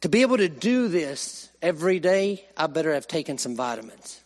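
Animated preacher. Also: male voice, a little high, fairly quick. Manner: animated, with sudden rises and hushed drops. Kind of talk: sermon.

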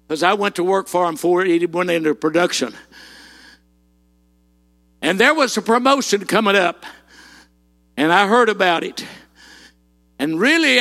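A man preaching a folksy sermon. His voice sits very high and sounds bright and cutting. He tells plain personal stories, then punches the big lines out in a shout. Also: vocal fry. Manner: folksy storytelling, rising into shouted emphasis.

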